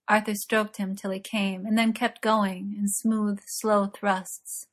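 A woman reading an audiobook as narrator, in a calm, even storytelling manner. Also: mid-range voice, slow, hardly any pauses. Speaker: audiobook reader. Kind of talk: scripted narration.

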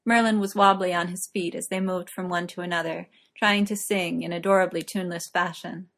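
A woman narrates a story in a steady, measured way. Her voice sits low and even as she reads. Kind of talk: story reading.

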